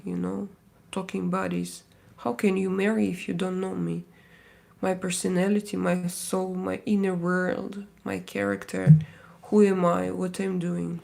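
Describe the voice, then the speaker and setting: A woman's voice: mid-range voice, vocal fry, darkish tone. A woman who is not a native English speaker, hosting a livestream, reading out and answering chat questions with frequent fillers. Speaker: livestream host. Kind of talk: casual livestream chat with viewers.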